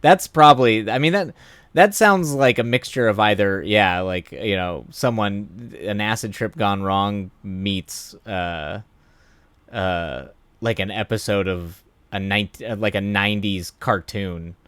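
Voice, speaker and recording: A man's voice: lowish voice, measured pace, fairly bright tone, smooth, dry recording. A man hosting a livestream, chatting loosely with viewers, rambling with lots of fillers and frequent laughs. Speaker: livestream host. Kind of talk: casual chat reading viewer comments.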